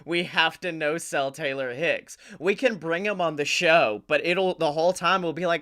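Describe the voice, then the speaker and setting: A young man co-hosting a podcast, telling a profane, animated story and acting out the dialogue. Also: a little high, normal speed, hardly any pauses. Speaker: podcast co-host. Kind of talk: casual comedic chat.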